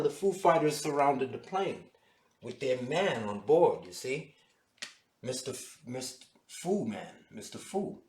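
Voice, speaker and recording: A man giving an animated, storytelling lecture to a class. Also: medium pitch, a little hiss or hum. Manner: animated, dramatic retelling. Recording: echoey room.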